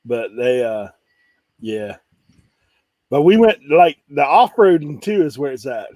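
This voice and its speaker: A man in casual chat about reselling, telling animated stories and laughing often. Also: mid-range voice, unhurried, no echo.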